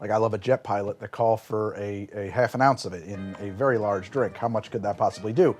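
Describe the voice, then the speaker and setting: A man hosting a cocktail show, explaining a drink's history in an animated storytelling way and describing flavors aloud as he tastes. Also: fairly low pitch, brisk, faint music behind. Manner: animated storytelling with big swings in emphasis. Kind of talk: conversational explainer.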